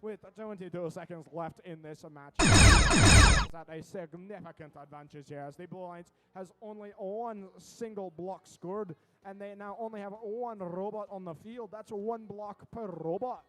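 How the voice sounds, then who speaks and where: A man giving lively, quick play-by-play commentary at a robotics competition, with joking asides between matches. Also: high-pitched, music in the background. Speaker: event commentator.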